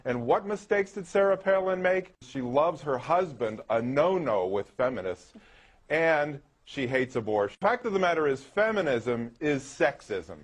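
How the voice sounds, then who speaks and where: A combative man in a heated TV panel debate, his voice sitting a little high. He talks over the other guests and fires off one statistic after another. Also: expressive, unhurried.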